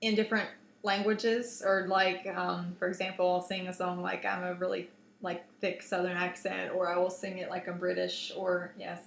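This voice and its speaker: A woman in her thirties telling a family story in casual chat, animated, with many fillers and restarts. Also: on the low side, moderate pace, creaky. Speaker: co-host. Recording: echoey room.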